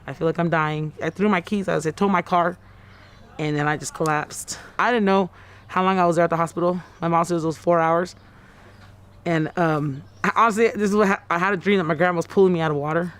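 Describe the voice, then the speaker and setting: A woman in her thirties tells her own story to a news interviewer, stumbling and repeating herself as she acts out what she said. Her voice is smooth and clear. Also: fairly low pitch, steady tone. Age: 30s. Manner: halting and repetitive, often acting out her own quoted words. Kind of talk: personal account in a news interview.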